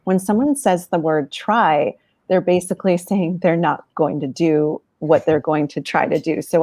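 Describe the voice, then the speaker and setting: A woman's voice: steady tone, measured pace, a little mellow, no room sound. Enthusiastic woman with a dry, close sound. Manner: enthusiastic, bursts into high laughter. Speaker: guest facilitator. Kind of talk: casual livestream chat.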